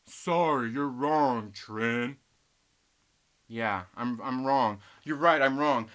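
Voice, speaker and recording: A man with a bright, forward voice rants through a live stream, cursing constantly as he reads chat messages aloud. He jumps from loud outbursts to low muttering. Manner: swearing, ranting, heated. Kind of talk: profane live stream rant, reading chat.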